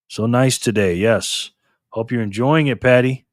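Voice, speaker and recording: A man's voice: medium pitch, a little slow, dry recording, studio quality. A man from Rochester, New York, hosting a live stream and chatting casually with viewers, greeting them by name as he reads their comments aloud. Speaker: livestream host.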